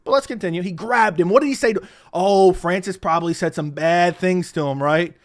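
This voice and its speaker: A man's voice: high-pitched, fairly quick. A man giving sarcastic, profane reaction commentary on interview clips.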